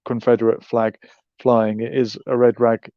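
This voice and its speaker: A man's voice: medium pitch, little pitch movement, moderate pace, dry recording. Wry male host with dull lo-fi sound. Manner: wry, sarcastic, musing. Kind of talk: livestream commentary.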